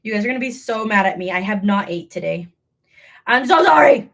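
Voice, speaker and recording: A woman's voice: medium pitch, quick pace, fairly bright tone. A young woman hosting a casual crochet livestream from home, talking to viewers while she works, bubbly and rambling, often joking at her own expense. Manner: bubbly, rambling, self-deprecating.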